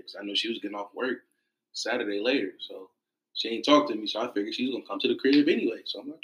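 A man in casual chat, telling a story with energy and jumping into high voices when he quotes people. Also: quick pace, fairly bright tone, echoey room, muffled recording. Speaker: guest telling his side of a story.

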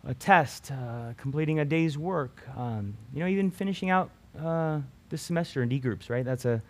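A man's voice: on the high side, moderate pace. A man teaching a Bible passage to students in a casual sermon, often tagging his sentences with "right?" and restarting phrases. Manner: keeps adding "right?" tag questions; conversational, with restarts.

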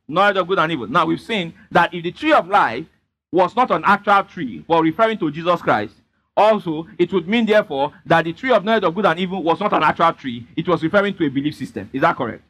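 High-voiced preacher, emphatic. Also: male voice, animated, brisk, fairly bright tone. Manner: emphatic, repeatedly prompting the congregation. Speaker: pastor. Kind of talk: sermon with call-and-response.

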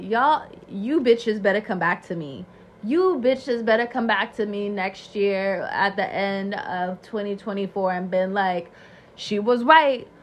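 Tarot reader lady, kinda high voice, swearing and laughing a lot, all fired up. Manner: loud, profane, laughing, hyped-up. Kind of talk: animated tarot reading monologue.

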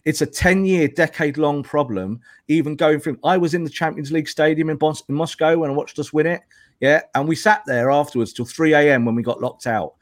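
A man's voice: a little high, fairly quick, dry recording. Emphatic man arguing football, dry sound. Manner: emphatic, argumentative, lecturing. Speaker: guest football pundit. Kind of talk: podcast football discussion.

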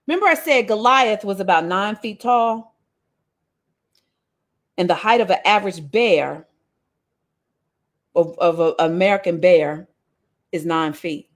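A woman leading a casual online Bible lesson, reading the story aloud and breaking off to comment in a lively, conversational way. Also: mid-range voice, takes it slowly, pauses often. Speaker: Bible study teacher.

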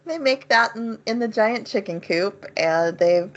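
A woman's voice: fairly high pitch, expressive, unhurried, muffled recording. A woman co-hosting a podcast, recapping an anime episode in casual chat, laughing often and acting out characters' lines. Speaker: podcast co-host.

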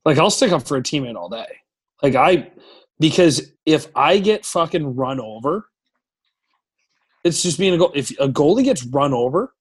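A man in his thirties, a hockey goaltender, telling stories as a podcast guest in an animated, profane, rambling way. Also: on the high side, husky. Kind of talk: casual podcast storytelling.

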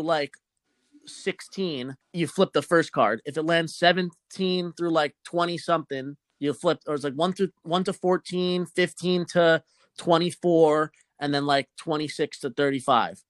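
A man's voice: a little high, steady tone, a little slow, no room sound. Young male podcast host, casual and profane, rambling storyteller with a dry, close sound.

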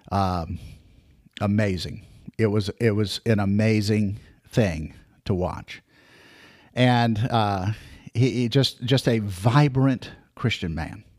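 Older man reminiscing in halting bursts. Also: on the low side, darkish tone, no room sound, clean studio sound. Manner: halting, full of restarts and fillers. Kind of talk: recounting personal memories.

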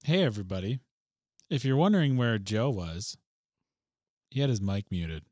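A man's voice: lowish voice, very animated, normal speed, darkish tone, no echo, studio quality. A man co-hosting a podcast, chatting casually and jokingly while watching a movie, swearing freely. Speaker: podcast co-host. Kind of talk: casual movie commentary chat.

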